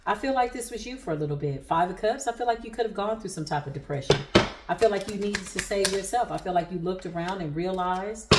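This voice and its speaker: A woman's voice: medium pitch, fast talker, echoey room, heavy background noise. A woman giving a spiritual tarot reading to viewers, speaking in an emphatic, preacher-like cadence. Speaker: tarot reader.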